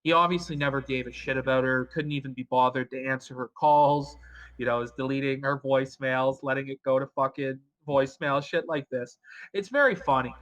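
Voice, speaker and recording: Brief: profane sarcastic male host, bright tense tone, mid pitch. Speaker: stream host. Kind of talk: crude casual commentary.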